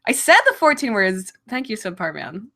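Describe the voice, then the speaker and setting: Woman streamer, mid-pitched, just over a cold, loose and profane, laughs a lot. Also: very animated, normal speed, pushed and bright. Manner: laughs often, swears freely, loose and offhand. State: coming out of a cold, clears throat. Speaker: streamer answering viewer questions. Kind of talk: casual livestream chat.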